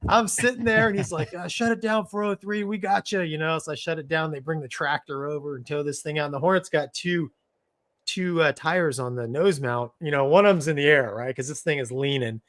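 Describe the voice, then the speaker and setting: A middle-aged man with a slightly high voice tells a war story in an easy, casual way. He sounds animated and breaks into small laughs as he goes. His talk is loose, with restarts and "man" and "dude" scattered throughout. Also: a little fast. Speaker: co-host, former Navy fighter pilot.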